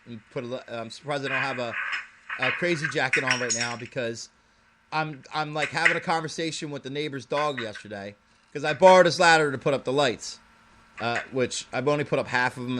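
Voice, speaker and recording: A man's voice: a little high, bright, forceful tone. A man hosting a casual internet radio show, rambling and profane, laughing often.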